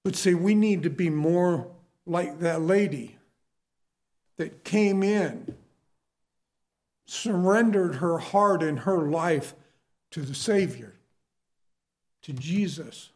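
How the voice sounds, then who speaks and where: A man's voice: fairly high pitch, slow pace, pauses often, darkish tone. A middle-aged man preaching a sermon, telling his own story in a conversational way and asking the listeners questions.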